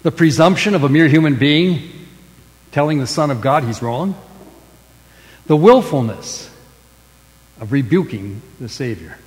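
A pastor preaching a sermon, with emphatic stresses that fall away into hushed line endings. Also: male voice, a little high, animated, a little slow, long pauses, big-room sound, rough recording.

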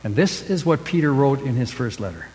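A pastor preaching a sermon, with emphatic stresses that fall away into hushed line endings. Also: male voice, mid-range voice, animated, brisk, long reverb tail, rough recording.

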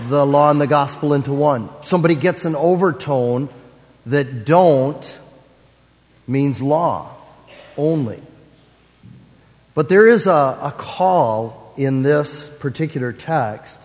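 A man, a pastor, preaching a sermon with slow, deliberate phrasing. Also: medium pitch, a little mellow, long reverb tail.

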